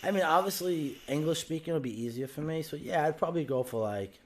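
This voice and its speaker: A man's voice: fairly high pitch, animated, quick pace, slight background noise. Blunt middle-aged Brooklyn man. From Brooklyn, New York. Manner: blunt, opinionated, swears freely. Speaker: podcast guest. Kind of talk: casual podcast chat.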